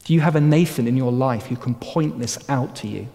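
A man's voice: medium pitch, a little fast, hardly any pauses. Earnest male pastor preaching in a hall. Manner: earnest exhortation, trailing to quiet emphatic phrases. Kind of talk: sermon. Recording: long hall reverb.

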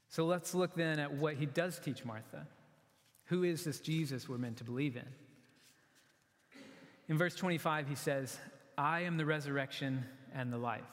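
A man giving a sermon as a pastor, earnest and conversational, often restarting his phrases. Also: fairly high pitch. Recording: long reverb of a large hall.

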